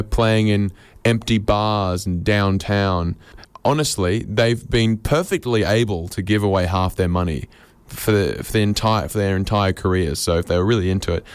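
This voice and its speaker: A man's voice: on the low side, no room sound. Sarcastic man riffing. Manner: sarcastic, animated, swears freely. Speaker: comedy podcast host. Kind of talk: rambling comedic monologue.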